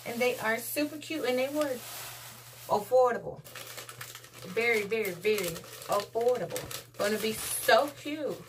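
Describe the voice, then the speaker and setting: A woman's voice: a little high, expressive, unhurried, noisy background. A woman, chatting casually to viewers in a laid-back home haul vlog. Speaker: vlogger.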